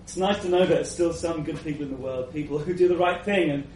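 A man reading a first-person story aloud to a live audience, unhurried, with acted asides. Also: a little high, a little mellow, a little hiss or hum. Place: live event venue before an audience. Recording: echoey venue from a distant mic.

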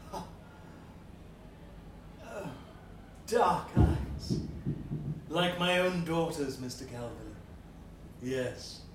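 A man playing a drunken Georgian gentleman. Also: on the high side, a little hiss or hum. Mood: maudlin. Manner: theatrical, swinging between bluster and hushed brooding. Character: drunken middle-aged Georgian gentleman, boastful and remorseful. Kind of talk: dramatic monologue. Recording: roomy, distant mic.

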